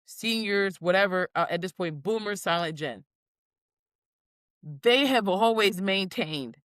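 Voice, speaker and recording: Animated woman in her forties, dry sound. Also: medium pitch, a little slow, no room sound. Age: 40s. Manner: animated storyteller, acts out quotes. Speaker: podcast co-host. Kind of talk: casual chat.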